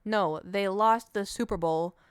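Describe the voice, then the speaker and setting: A woman's voice: mid-range voice, a little slow, clear, resonant tone, no room sound. Chatty woman streamer, dry close sound. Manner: chatty and animated, jumping between stories. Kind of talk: casual chat.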